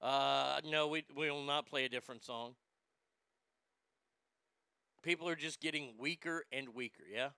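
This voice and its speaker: A man's voice: mid-range voice, fairly even intonation, measured pace, vocal fry, long pauses, pushed and bright, clear, resonant tone, dry recording, studio quality. A man hosting a sports show, delivering a profane, ranting monologue and stammering over repeated words.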